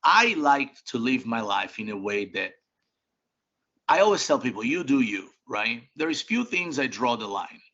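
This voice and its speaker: A man's voice: mid-range voice, very animated, moderate pace, pushed and bright. A middle-aged man, a restaurant company boss, answering interview questions bluntly at home, with emphatic restarts and some casual swearing. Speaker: restaurant group CEO, interview guest. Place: home office. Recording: dull lo-fi sound.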